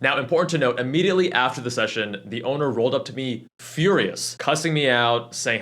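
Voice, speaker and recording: A man narrating track-day footage, calmly breaking down his driving and drawing lessons step by step. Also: mid-range voice, a little fast, hardly any pauses. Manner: calm, analytical, explains driving lessons step by step. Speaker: channel host and track driver. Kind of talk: track-day video commentary. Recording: car engine noise behind the voice.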